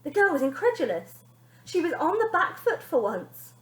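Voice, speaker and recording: Expressive teacher reading a children's story. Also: female voice, high voice, normal speed. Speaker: primary school teacher. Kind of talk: storybook read-aloud for children. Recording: echoey room.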